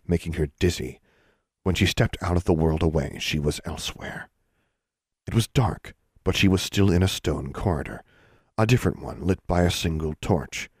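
Man reading a fantasy story, really low voice, dry close sound. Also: no echo. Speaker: audiobook reader. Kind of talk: storybook narration.

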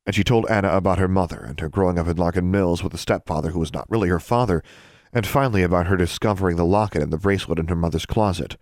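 A man narrating an audiobook in a calm storytelling manner. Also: low-pitched, quick pace, no room sound.

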